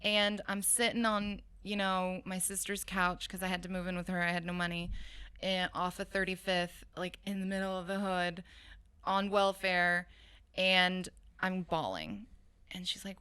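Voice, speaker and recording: Speaking a little slowly in a smooth, lowish voice that sounds pushed and bright, she keeps her tone steady. She's a thirty-something fashion designer from the Bay Area, a guest in a casual interview who recounts her story candidly, laughing a lot and filling pauses with fillers.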